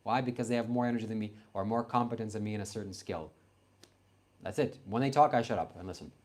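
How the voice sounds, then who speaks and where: Blunt young man, low voice. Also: fast talker, darkish tone. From Canada. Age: late teens. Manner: blunt, confrontational, self-assured. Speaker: livestreamer answering chat. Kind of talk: casual livestream chat.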